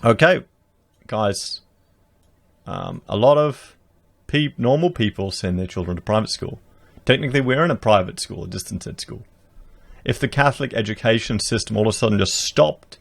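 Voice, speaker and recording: Political commentary comes from an Australian man with a medium pitch and vocal fry, who reads out news and reacts emphatically and rhetorically for his audience. He is recorded close on a dynamic podcast microphone.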